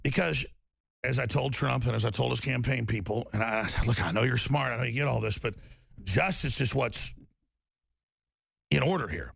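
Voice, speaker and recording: A man's voice: medium pitch, moderate pace, gravelly, long pauses, a bit bright, breathy edge, dry recording. A man hosting a political talk radio show, ranting emphatically and restarting his sentences over and over. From Texas.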